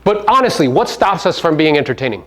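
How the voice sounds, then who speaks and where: A man's voice: fairly high pitch, very animated, fast. A middle-aged man giving a brash, profane seminar talk, firing rhetorical questions at his audience. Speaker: real estate business owner giving a media talk.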